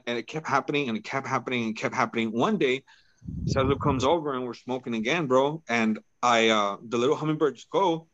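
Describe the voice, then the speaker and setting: A man's voice: mid-range voice, fairly bright tone, no echo, lo-fi sound. Laid-back man telling a story. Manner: laid-back, peppers talk with "bro" and "right?". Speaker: podcast guest. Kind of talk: casual personal storytelling.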